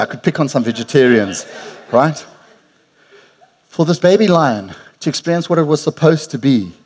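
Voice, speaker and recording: Pastor guy, high voice, preaching hard, builds up loud and punchy. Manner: lively preacher, rising to emphatic call-and-response. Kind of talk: sermon. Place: church.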